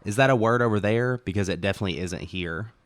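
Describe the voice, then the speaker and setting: Man voicing a teasing blunt girlfriend, deep smooth voice, dry close sound, audiobook. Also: quick pace, no room sound, lightly acted. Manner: teasing, playful then blunt. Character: young woman, teasing, blunt long-distance girlfriend.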